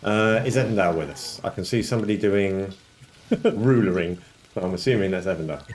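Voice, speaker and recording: Low-voiced relaxed male game master. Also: fairly quick, slight background noise. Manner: relaxed, chuckling, clears throat often. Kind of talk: narrating a tabletop game over a call.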